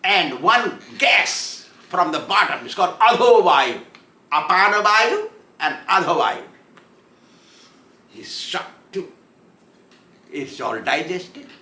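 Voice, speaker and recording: Male spiritual teacher giving a storytelling sermon, chuckling as he goes: high voice, slow delivery, echoey room. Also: sing-song, sharp tone.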